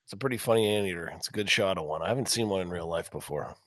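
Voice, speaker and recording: A man's voice: low-pitched, rapid-fire, a bit bright, no room sound. A man in his forties co-hosting a casual podcast, dropping dry, wry remarks and chuckling at his partner. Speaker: podcast co-host.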